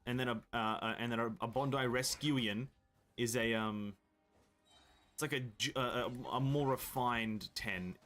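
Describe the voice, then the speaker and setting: A man's voice: medium pitch, measured pace, a bit bright, faint music behind. An Australian man streaming a game, chatting casually into a desk mic, rambling and restarting sentences with the odd offhand swear. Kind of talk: casual chat while gaming.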